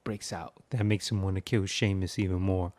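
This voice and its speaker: A man talking over a film in loose, profane commentary, his voice sitting a bit low. He riffs freely and mimics the clicks and bangs on screen. The sound is dry and close, with no room around it. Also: steady tone, normal speed, a little mellow, no room sound. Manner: profane, riffing, sound-effect imitations.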